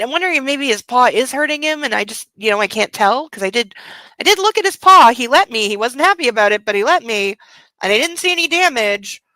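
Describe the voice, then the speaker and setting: Woman livestream host at home at night, casual chat, baby talk to her dog, swearing, bright voice, dry close sound. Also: a little high, no echo, low-quality recording.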